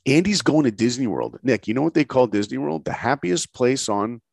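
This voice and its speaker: Brief: middle-aged male guest, a dry close sound, punchy and animated, acts out every line. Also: medium pitch, fairly quick, gravelly, no echo. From New York. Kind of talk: motivational storytelling.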